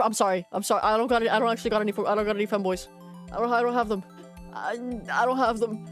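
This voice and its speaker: A woman's voice: medium pitch, a little fast, soft background music. A young woman streaming a game, playfully joking and voicing the characters' lines aloud. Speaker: VTuber streamer. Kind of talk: game stream with voiced dialogue.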